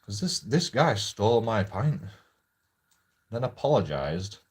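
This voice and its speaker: Man, deep husky voice, halting sweary vlog rant. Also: sing-song. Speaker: vlogger. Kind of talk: casual storytelling monologue.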